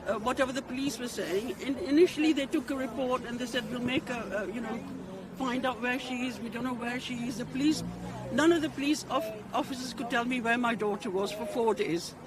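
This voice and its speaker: A mother giving an urgent, indignant speech outdoors at a street protest, with halting restarts. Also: fairly high pitch. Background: crowd noise.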